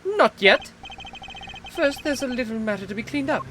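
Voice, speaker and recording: A woman's voice: a little high, lively intonation, moderate pace, background noise, close to an everyday voice. Woman doing a showy rock-star prosecutor. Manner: showy, teasing, dropping German words. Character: smooth flamboyant rock-star male prosecutor. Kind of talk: reading a game script aloud. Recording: game music playing behind.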